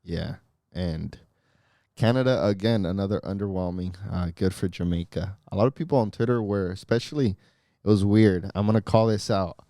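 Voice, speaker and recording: A man co-hosting a podcast, giving relaxed, opinionated takes on soccer. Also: low voice, moderate pace, no echo, studio quality. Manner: opinionated, relaxed, many fillers. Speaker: podcast co-host. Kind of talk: casual soccer chat.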